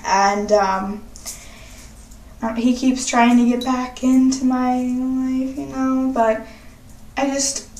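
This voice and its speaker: A woman's voice: high-pitched, level tone, takes it slowly, pauses often, a little mellow. A young woman vlogging in a casual, sassy, profane chat. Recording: roomy echo, distant from mic.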